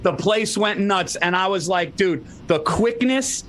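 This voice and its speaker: High-voiced man telling stories, swearing. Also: lively intonation, unhurried, a bit bright. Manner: profane, enthusiastic storytelling. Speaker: podcast co-host. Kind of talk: casual chat.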